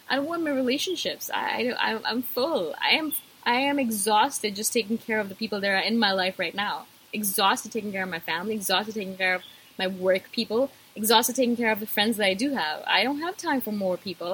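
A woman's voice: mid-range voice, a little fast, fairly bright tone, slight background noise, rough recording. A woman vlogger talking casually to camera, emphatic and repetitive, addressing her viewers directly.

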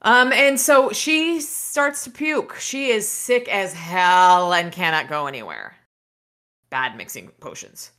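A woman's voice: lowish voice, lively intonation, takes it slowly, pushed and bright. A woman podcast host casually retelling a novel's chapters, rambling with fillers and restarts. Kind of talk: casual book recap.

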